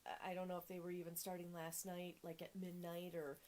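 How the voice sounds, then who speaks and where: A woman's voice: lowish voice, completely flat delivery, fairly quick, darkish tone, slight background noise. A woman co-hosting a casual livestream from a relative's house, chatting and hesitating with many fillers, filmed on a phone. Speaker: co-host. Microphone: phone camera.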